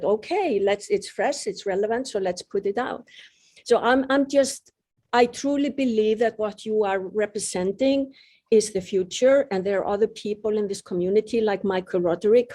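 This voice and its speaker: A woman's voice: mid-range voice, mellow. A woman speaking heartfelt and a little emotional in a casual online group talk, often restarting her words. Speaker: community member.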